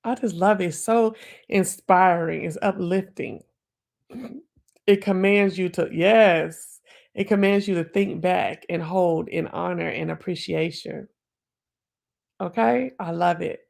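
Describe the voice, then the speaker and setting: Gravelly-voiced woman chatting on a live stream. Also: on the low side, darkish tone. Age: 40s. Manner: chatty and reflective, with many fillers and quick asides. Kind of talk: casual live stream chat.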